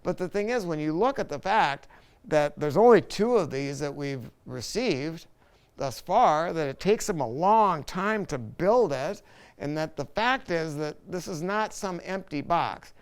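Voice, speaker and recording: A man's voice: fairly high pitch, animated, measured pace, smooth. A man hosting a casual hi-fi product talk, rambling and enthusiastic, often stopping and restarting his sentences. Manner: rambling, enthusiastic, self-interrupting. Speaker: hi-fi dealer host.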